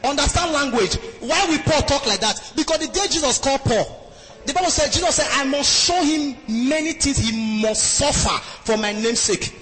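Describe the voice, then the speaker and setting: A male preacher with a high, bright, forceful voice. He preaches in a rising and falling sing-song cadence, calling out for the crowd's response. The sound rings through a large, reverberant church hall with faint music underneath. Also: lively intonation, normal speed. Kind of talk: sermon.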